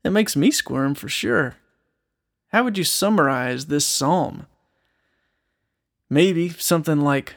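Earnest man teaching scripture, gravelly. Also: on the high side, takes it slowly, long pauses. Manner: earnest, asks rhetorical questions. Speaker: Christian speaker and musician. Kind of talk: reflective Bible teaching with scripture reading.

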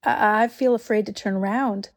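A sensible older girl speaks with a worried, shaky edge, put on by a woman reading a storybook. Her voice stays close to the reader's own, soft and breathy. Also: medium pitch, steady tone, normal speed, close to an everyday voice.

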